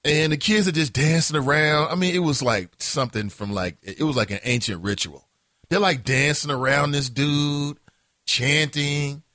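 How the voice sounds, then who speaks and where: A man hosting a casual morning talk show, telling a story in an animated, profane way. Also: fairly high pitch, normal speed, no echo, clean studio sound. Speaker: host.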